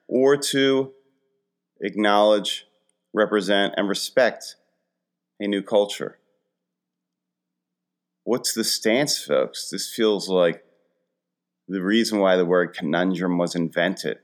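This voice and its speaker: A man's voice: low-pitched, slow, long pauses. A man in his forties hosting a casual comedic monologue, rambling and poking fun at himself. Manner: rambling, self-deprecating storytelling.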